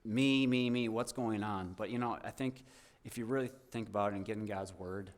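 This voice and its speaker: At normal speed and in a slightly low voice, a young man visiting a church tells the congregation his personal testimony. He rambles, returns to earlier points and restarts sentences, his delivery heartfelt instead of polished.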